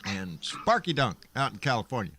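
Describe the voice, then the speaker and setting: A man with a Texan accent hosting a casual live online talk show, relaxed and folksy, quick to swear and laugh. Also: medium pitch, background noise. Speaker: host.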